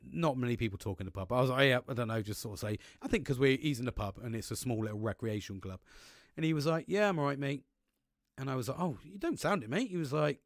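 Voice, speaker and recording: A man's voice: medium pitch, dry recording, clean studio sound. A man, hosting a podcast as a casual monologue, talking frankly with a lot of swearing and laughing often. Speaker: podcast host.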